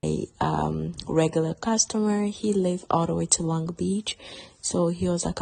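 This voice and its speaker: A woman's voice: on the low side, steady tone, moderate pace, vocal fry, warm tone, no echo. A woman casually telling a story in a blunt, matter-of-fact way.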